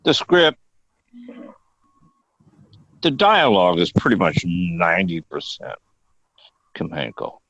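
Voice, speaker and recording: A man's voice: sits low, huge pitch swings, slow pace, pauses often, fairly bright tone. Older man, rambling profane storyteller. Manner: rambling, profane, laughs often. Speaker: guest actor. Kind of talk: casual storytelling. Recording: dull, dry sound.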